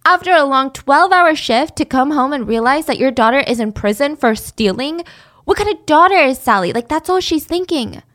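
A woman telling a story in a chatty, animated way with dramatic asides. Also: sits high, normal speed. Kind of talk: casual storytelling.

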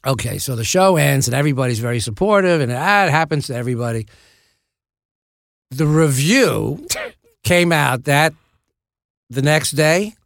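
Gravelly older actor spinning an anecdote, dry close sound, stop-start delivery. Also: male voice, on the high side, no room sound. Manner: lively storyteller, halting restarts and asides. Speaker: actor guest. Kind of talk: anecdotal interview storytelling.

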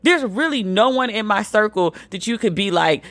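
A woman hosts a solo commentary podcast. She is blunt and profane, and her voice jumps high when she makes a point. The sound is dry and close to the mic. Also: moderate pace, no room sound. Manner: animated, swings pitch high for emphasis. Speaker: podcast host.

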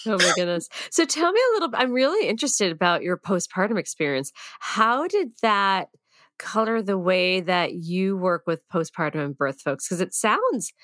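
A woman's voice: on the low side, sing-song, normal speed, fairly bright tone. A woman hosts a podcast in an upbeat, chatty way and laughs easily. Her voice sounds dry and close, with no room echo. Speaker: podcast host. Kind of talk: casual podcast interview.

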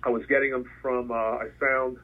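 A middle-aged man from New Jersey telling stories in a casual interview as a guest, rambling with many restarts and animated when quoting himself. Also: mid-range voice, moderate pace. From New Jersey, USA. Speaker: guest, concert photographer. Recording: phone-like line, husky.

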